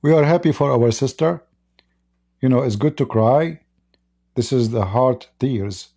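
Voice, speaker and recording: A man's voice: mid-range voice, a little slow, mellow. A man hosting a live-stream religious debate, preaching to callers and taunting challengers. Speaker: host.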